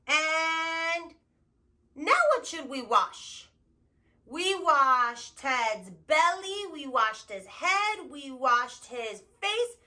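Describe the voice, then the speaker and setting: Slow, sing-song woman teaching toddlers. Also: high-pitched, sing-song. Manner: gentle and encouraging. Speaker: early childhood educator. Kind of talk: toddler teaching video narration.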